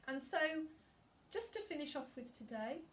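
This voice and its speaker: A woman singing teacher gently guiding a breathing and vocal warm-up, giving calm, encouraging instructions. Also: sits high, moderate pace, far from the mic.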